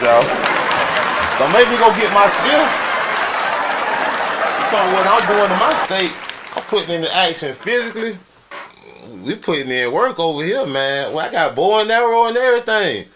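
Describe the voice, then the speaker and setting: A man's voice: sits high, lively intonation, moderate pace, long pauses, pushed and bright, a faint crowd, slight background noise. A man from Florida on a live stream, arguing heatedly and boasting, with repetitive challenges and frequent laughter.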